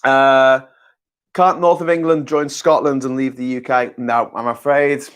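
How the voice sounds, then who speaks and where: A man hosting a loose live-stream chat, reading viewer comments aloud. He rambles and corrects himself mid-sentence, tosses in sarcastic jokes and casual swearing. His pitch sits in the middle range. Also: fairly even intonation, measured pace, a bit bright, smooth. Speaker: host.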